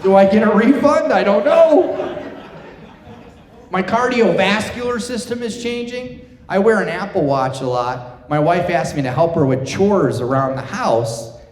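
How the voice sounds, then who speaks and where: A man's voice: sits high, lively intonation, unhurried. A middle-aged man doing a stand-up comedy set on a theater stage, telling self-deprecating stories and chatting with the crowd. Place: theater stage before a live audience. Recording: echoey theater with long reverb.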